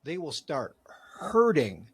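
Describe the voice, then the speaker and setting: A man's voice: fairly high pitch, wildly swooping pitch, slow pace, breathy edge. A man, hosting an interview, cutting in eagerly and explaining things vividly. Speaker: podcast host. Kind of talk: casual interview.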